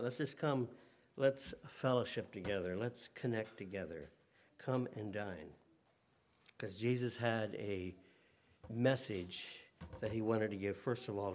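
A man preaching a sermon at a middle pitch, reading old-fashioned scripture aloud before turning to exhortation. He lets key phrases fall quiet and slow, then climbs louder and higher when he urges his listeners on. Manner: reads King James scripture, then preaches emphatically. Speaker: pastor.

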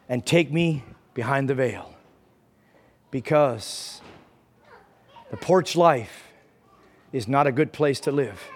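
Preaching a sermon in church, a man tells a personal story with feeling and rises into fervent prayer. His voice is a little high.

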